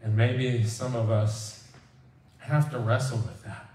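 A pastor preaching a sermon in a church, talking in a casual, conversational way and acting out quoted prayers. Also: male voice, medium pitch, steady tone, slow, darkish tone, slight background noise. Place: church sanctuary. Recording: roomy church sound from a distance.

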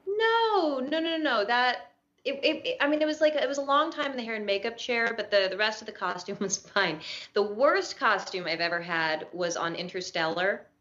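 A woman's voice: on the high side, animated, normal speed, fairly bright tone, muffled recording. A woman in her thirties, a talk show guest, chatting in a bubbly, self-deprecating way and laughing often. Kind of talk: late-night talk show chat.

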